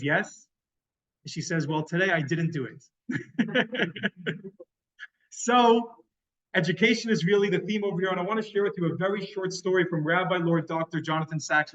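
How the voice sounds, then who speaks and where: A man giving a conversational, storytelling sermon as a rabbi. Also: a little high. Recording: dull lo-fi sound.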